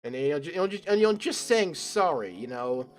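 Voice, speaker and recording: A man's voice: fairly high pitch, animated, fairly quick, faint music behind. A young man commenting casually on a game, rambling and stammering, swearing often. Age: young adult. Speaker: let's player.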